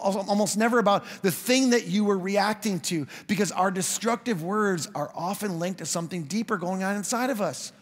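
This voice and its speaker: A man preaching a sermon as a pastor, telling stories in a conversational way with quick asides. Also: sits high. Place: church hall. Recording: long hall reverb.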